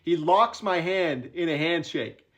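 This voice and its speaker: A man with a fairly high voice tells a casual story about caddying. He laughs often as he talks and keeps a relaxed, chatty flow. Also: unhurried. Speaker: golf caddie telling stories.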